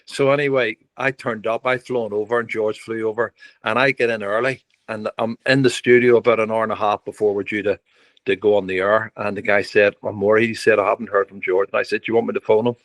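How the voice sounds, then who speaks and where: Older man, lowish voice, dry close sound, lively storytelling. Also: quick pace, no echo. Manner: lively anecdotes with quoted dialogue and laughter. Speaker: podcast guest. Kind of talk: anecdotal storytelling.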